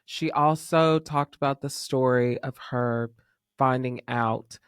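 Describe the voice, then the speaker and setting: A man hosting a casual pop music podcast, talking in an excitable, gushing fan manner with sudden whispers. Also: medium pitch, takes it slowly, clean tone, no echo, clean studio sound. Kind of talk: casual chat.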